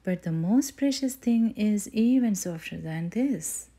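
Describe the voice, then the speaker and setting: A gentle mother bear from a bedtime storybook, tender and soothing, as a woman reading aloud puts her on. Her voice is warm and mellow, slow, with a soft breathy edge. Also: medium pitch, animated, voice pushed up.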